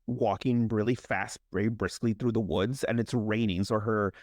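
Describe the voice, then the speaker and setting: A man's voice: on the low side, moderate pace, no room sound, clean studio sound. A man co-hosting a podcast, casually recapping a movie and acting out the characters' lines. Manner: animated, acts out characters' lines in exaggerated voices. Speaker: podcast co-host.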